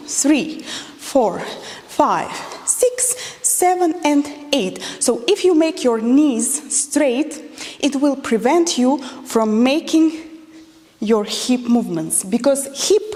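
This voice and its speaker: A woman's voice: sits high, warm tone. A woman teaching a dance lesson, counting beats aloud as she demonstrates moves and explains common mistakes. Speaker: dance instructor. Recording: long hall reverb.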